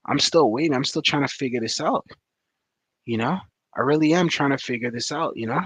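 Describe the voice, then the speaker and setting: A man's voice: medium pitch, brisk, fairly bright tone, husky, dry recording. A man giving a rambling, frustrated post-game reaction as a fan commentator, full of fillers.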